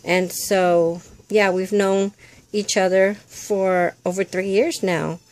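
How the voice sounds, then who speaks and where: Older lady vlogging, slow and rambly, lots of um and you know, medium pitch. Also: steady tone, a little mellow. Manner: chatty, rambling with many fillers; coos in a high baby-talk voice to her doll. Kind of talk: casual chat to camera.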